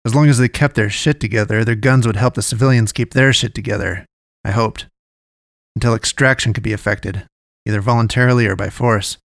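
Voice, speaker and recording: A man narrating a first-person story in a measured, even way. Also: fairly low pitch, gravelly, dry recording, studio quality.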